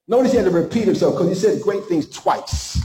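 A male preacher in full flow, pushing his voice up high and leaning on dramatic pauses. The echo around him sounds like a large room. He delivers the sermon with fervor and plays out little dialogues. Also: lively intonation, warm tone. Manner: impassioned, preaching with dramatic pauses and acted-out quotes.

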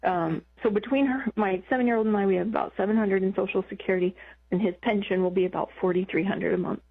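A woman calling in to an advice show, talking haltingly with many restarts and emotion in her voice. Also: mid-range voice, fairly even intonation, slightly rough. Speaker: caller. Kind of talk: phone-in advice call. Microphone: telephone. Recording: tinny phone line.

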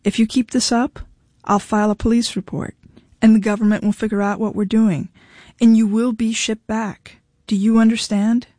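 A woman's voice: fairly high pitch, level tone, normal speed, warm tone, dry recording, clean studio sound, natural voice. A woman reading the lines of a blunt, defiant young woman who speaks in a cutting, dismissive way. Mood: firm.

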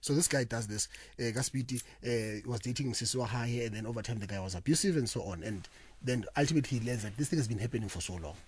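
A man talking in a casual discussion, telling anecdotes in a measured way. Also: medium pitch, darkish tone, slightly rough.

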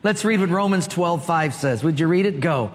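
A man's voice: a little high, lively intonation, normal speed, slight background noise. A male pastor preaching a sermon, asking rhetorical questions and drawing call-and-response from the congregation. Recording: long reverb of a large hall.

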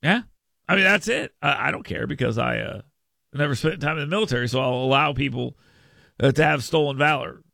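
Sarcastic ranting man with a gravelly voice. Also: mid-range voice, a little fast, sharp tone, dry recording, clean studio sound. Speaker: political talk radio host. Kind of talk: opinionated talk radio monologue.

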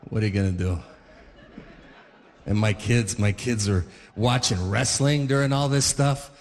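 A man's voice: lowish voice, a little slow, long reverb tail. A man in his forties telling a rambling stand-up story, full of fillers and restarts. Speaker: stand-up comedian. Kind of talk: stand-up comedy routine.

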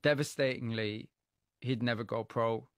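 A man presenting a radio program, narrating a story in a measured way and interviewing a guest. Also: medium pitch, steady tone, no room sound, studio quality. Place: radio studio. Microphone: studio mic.

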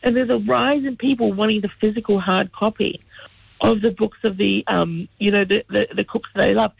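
Male radio contributor phoning in, raspy and high-pitched, fluent and opinionated. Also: steady tone, moderate pace, no room sound. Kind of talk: casual radio chat by phone. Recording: phone line.

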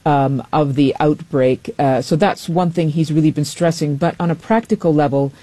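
A woman foreign correspondent giving a live news report in a measured way, with frequent ums and self-corrections. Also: sits low, dark tone, no echo.

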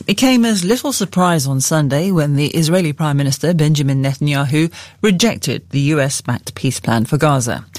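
A woman presenting radio news, reading scripted links crisply and questioning a correspondent. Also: low voice, a little mellow, no room sound.

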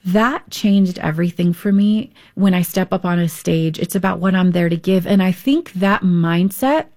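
A woman's voice: fairly low pitch, normal speed, darkish tone. Earnest woman counselor explaining. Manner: earnest, teacherly, acts out examples. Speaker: counselor and author. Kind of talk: interview guest explaining ideas.

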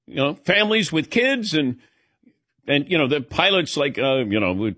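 A man's voice: on the high side, moderate pace. A man hosting a radio talk show, chatting casually and animatedly with his co-hosts and calling on them by name. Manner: animated, calls on co-hosts by name, breaks into laughs. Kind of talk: casual studio banter.

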